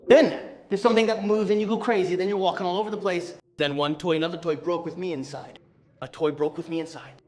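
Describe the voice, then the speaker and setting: A man from Brazil telling a stand-up comedy story on stage, animated and bursting into shouted exclamations. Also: high-pitched.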